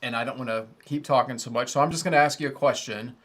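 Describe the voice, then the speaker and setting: A man's voice: medium pitch, fast talker. Casting: thirties male host, easygoing livestream chatter, rambling and self-mocking. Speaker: host of an audio gear channel. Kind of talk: casual livestream chat.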